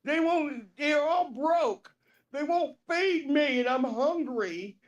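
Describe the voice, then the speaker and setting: A woman putting on the voice of a childlike, homeless older man who whines in a high, slow, whimpering way. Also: lively intonation. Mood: whiny.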